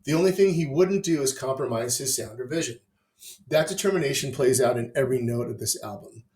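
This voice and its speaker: A man's voice: medium pitch, animated, a little fast, a little mellow. Profane, enthusiastic man reviewing albums. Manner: enthusiastic, profane, wry asides. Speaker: music review host. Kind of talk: opinionated album review monologue. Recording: roomy echo.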